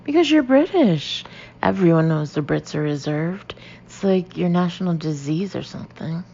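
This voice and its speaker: A woman's voice: sits low, fairly even intonation, moderate pace, creaky, mellow, muffled recording, slight background noise. Woman reading a brash young American shopper. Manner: blunt, chatty, emphatic.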